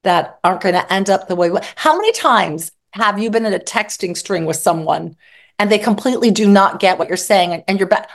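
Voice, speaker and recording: A woman therapist speaking as an interview guest, expressive and acting out her examples vividly. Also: mid-range voice, fairly quick. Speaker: psychotherapist guest. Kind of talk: interview conversation.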